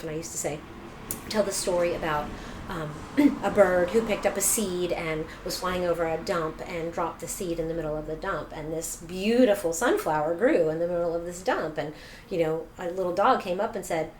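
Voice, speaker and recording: A middle-aged woman tells her story as an interview guest, jumping up in pitch when she acts out other people's lines. The room sounds echoey, with a faint hiss behind her. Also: a little mellow.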